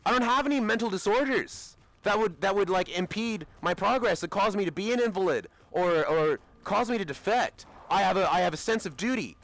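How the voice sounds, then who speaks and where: A man's voice: sits high, expressive, fairly quick, hardly any pauses, fairly bright tone. A young Australian man talking in a rambling, repetitive, aggrieved monologue while he plays a game.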